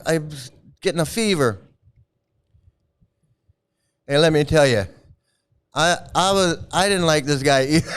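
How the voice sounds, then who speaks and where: A man tells a long personal story in a loose, rambling way, chuckling often between thoughts. His voice sits a little high and sounds smooth and resonant. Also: a bit bright. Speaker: former member recounting his experiences.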